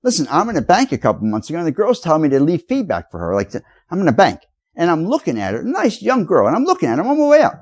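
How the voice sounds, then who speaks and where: A man's voice: on the high side, wildly swooping pitch, fast talker. Agitated man ranting at the camera. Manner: agitated, accusatory, lecturing. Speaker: video blogger. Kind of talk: rambling direct-to-camera rant.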